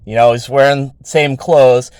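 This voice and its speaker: A man's voice: mid-range voice, fairly even intonation, normal speed, a little mellow, clear, resonant tone, dry recording. A man hosting his own show, telling a story in a rambling, casual way with heavy swearing and lots of fillers. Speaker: show host.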